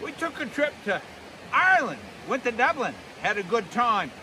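A middle-aged man with a Maine accent spins folksy comic tales, his voice pitched high and bright. He drawls in a down-home way and slips into little voices for the characters. A faint outdoor hiss runs under him. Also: very animated, normal speed. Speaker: humorist storyteller. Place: outdoors in snowy woods.

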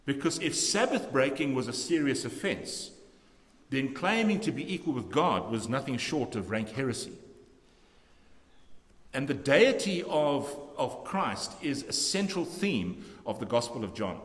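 A man's voice: medium pitch, big pitch swings. Man preaching in a reverberant church. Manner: measured, emphatic preaching with restarts. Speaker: pastor. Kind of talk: sermon. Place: church sanctuary.

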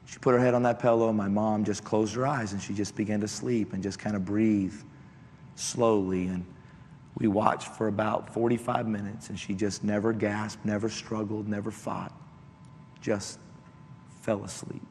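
A man preaching a sermon built on a personal testimony, telling the story in an impassioned way that climbs into shouted appeals. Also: fairly low pitch, flat delivery, moderate pace. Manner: impassioned, rising to shouted exhortation. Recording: echoey hall, faint background noise.

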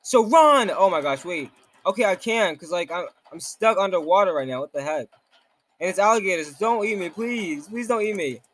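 A man's voice: high voice, expressive, brisk, fairly bright tone. A man giving jumpy gameplay commentary, exclaiming often and reading game text aloud. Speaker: game streamer.

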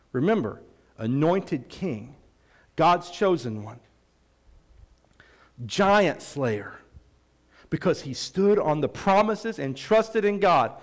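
A male pastor preaching a sermon, telling a story with animated asides and acting out the characters' lines. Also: sits high. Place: church stage.

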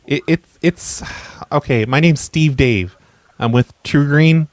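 A man hosting a comedy show, making prank phone calls in a stammering, mock-apologetic, deadpan way. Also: fairly high pitch, slow pace, dry recording. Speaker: prank caller and show host.

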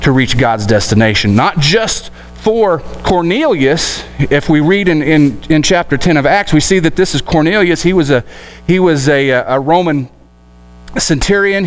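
Folksy, higher-voiced male preacher. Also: moderate pace, poor audio. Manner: folksy, animated, acts out quoted voices. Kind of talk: sermon.

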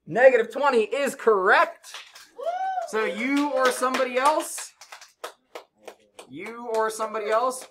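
A man teaching middle school math to a classroom of students, brisk and joking as he encourages them to work together. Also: high voice, sharp tone.

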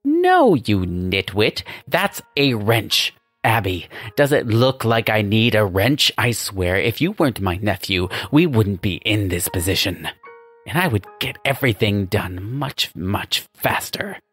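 A man voicing a pompous, self-praising male demon boss who talks down to his nephew in a grand, drawn-out way. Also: fairly low pitch, lively intonation, a bit bright, husky, no echo, soft background music, exaggerated voice. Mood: scolding.

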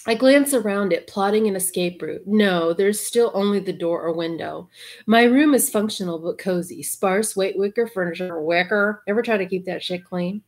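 A woman giving an intimate reading aloud, soft and half-whispered, breaking off for wry, cursing asides. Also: mid-range voice. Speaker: reader and commentator.

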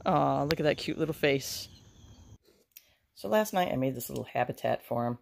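Brief: low-pitched woman vlogger, chatty and exclamatory, faint noise in the background. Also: normal speed, vocal fry, poor audio. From United States. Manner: chatty, excitable, lots of exclamations. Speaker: home and garden vlog host. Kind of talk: casual vlog chat while cooking. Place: home kitchen.

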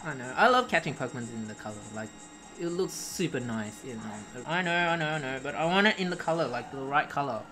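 A woman streaming a video game, chatting casually with her viewers, pleading with the game and bursting into excited shouts. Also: extremely low pitch, brisk, over music. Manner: chatty, greets and answers chat, pleads with the game. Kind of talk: casual live-stream commentary while playing.

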